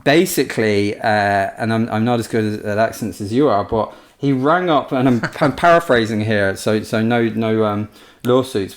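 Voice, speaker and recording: A man co-hosting a history podcast, a historian chatting casually and acting out anecdotes in quick put-on voices. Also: medium pitch. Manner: chatty, storytelling, animated impressions.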